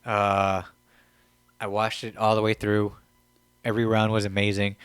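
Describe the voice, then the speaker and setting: A man's voice: fairly low pitch, completely flat delivery, normal speed, a bit bright, smooth, dry recording. A man co-hosting a comedy podcast in casual chat, laid-back and rambling, with plenty of fillers. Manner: laid-back, rambling, quotes others in mock voices. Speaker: podcast co-host.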